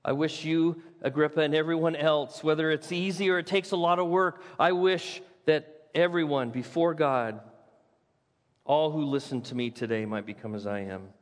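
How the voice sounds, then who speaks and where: A man preaching a sermon as pastor, rising to loud, high proclaiming and dropping to hushed, low emphasis. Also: normal speed. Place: church sanctuary. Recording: long reverb of a large hall.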